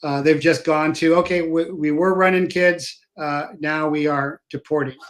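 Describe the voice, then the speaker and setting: Halting man hosting an interview. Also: a little high, fairly even intonation. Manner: hesitant, many filler pauses. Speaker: podcast host; former federal special agent. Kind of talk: conversational interview.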